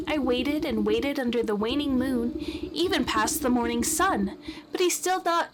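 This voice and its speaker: A woman's voice: sits high, moderate pace, background noise, lightly acted. Woman playing a lovesick, melodramatic young maiden. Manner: sighing, tearful, melodramatic. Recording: chill music playing behind.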